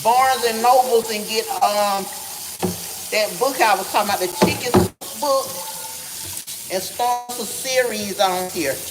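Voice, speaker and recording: A woman's voice: a little high, measured pace, heavy background noise. A Southern woman, older, chatting casually with her livestream viewers while doing house chores, greeting them by name in a folksy way. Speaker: livestream host. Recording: echoey kitchen with running water.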